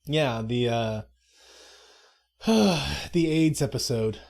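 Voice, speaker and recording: A man's voice: medium pitch, lively intonation, very slow, gravelly, darkish tone. A man co-hosting a live stream, rambling casually with self-interruptions and mock-dramatic asides. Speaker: stream co-host. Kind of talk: casual live commentary chat.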